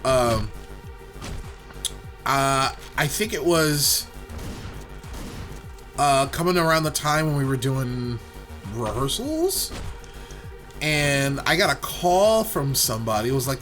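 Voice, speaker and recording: A let's play co-host with a mid-range, slightly bright, sing-song voice tells a long, rambling story while gaming, over soft background music. He takes it slowly, pausing often and filling the anecdote with fillers.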